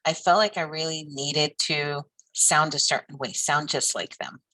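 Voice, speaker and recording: A woman guest in a candid interview, speaking with a low pitch and a bright, forward tone. She talks earnestly and personally. Her delivery stays heartfelt. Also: steady tone, measured pace, low-quality recording. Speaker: social worker guest.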